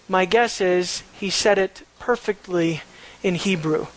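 A man preaching a verse-by-verse Bible teaching, animated and conversational, full of rhetorical questions. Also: high voice, a little slow, low-quality recording.

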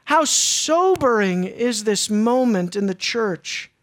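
A preacher delivering a sermon in an earnest, emotional way, repeating phrases and swinging between loud and hushed. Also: medium pitch, lively intonation, slow, a little hiss or hum.

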